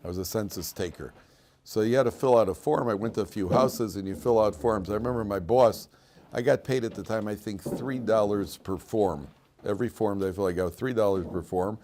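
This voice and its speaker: Joking, rambling rabbi teaching a class. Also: male voice, on the low side, brisk, warm tone, a little hiss or hum. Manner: joking, rambling with many restarts and fillers. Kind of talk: informal Torah class.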